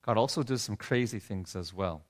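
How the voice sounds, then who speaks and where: A middle-aged man telling a heartfelt personal story in a sermon, his voice dropping low and soft when he is moved. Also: moderate pace. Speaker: preacher. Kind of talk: sermon testimony.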